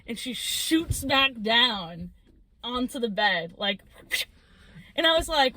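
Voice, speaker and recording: Young woman, podcast co-host, casual and animated storyteller, somewhat high voice. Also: moderate pace. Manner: animated, giggly, acts out quotes.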